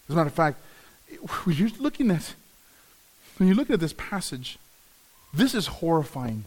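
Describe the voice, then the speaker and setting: A man's voice: fairly high pitch, big pitch swings, normal speed, pauses often, darkish tone. A man preaching a sermon, earnest, often repeating words as he restarts a phrase. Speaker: pastor.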